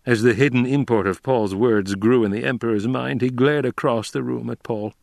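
Measured male audiobook narrator. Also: medium pitch, fairly even intonation, creaky, no echo, clean studio sound. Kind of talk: scripted narration.

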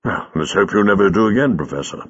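A man voicing an eccentric, brisk male time traveller who speaks in a commanding way, on a dull lo-fi recording. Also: on the low side, animated, a bit bright, husky, in a large hall.

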